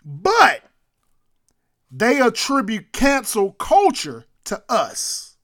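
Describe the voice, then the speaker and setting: A man with a high voice talking through sports and culture in a loose, casual way. He is animated, laughs easily and circles back over his own words as he makes a point. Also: very slow. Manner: animated, laughs often, repeats himself when making a point. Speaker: podcast co-host.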